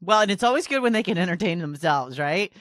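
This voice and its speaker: A woman's voice: lowish voice, lively intonation, fast. A woman co-hosting a podcast, teasing her host and reacting in casual conversation. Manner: teasing, responsive listener.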